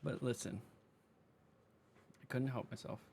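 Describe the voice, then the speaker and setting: A man's voice: medium pitch, steady tone, measured pace, gravelly, darkish tone, a little hiss or hum. A man casually commenting on his own card game as he plays, chatty and talking while he eats. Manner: chatty, talks while eating. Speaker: streamer playing a card game. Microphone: desk microphone.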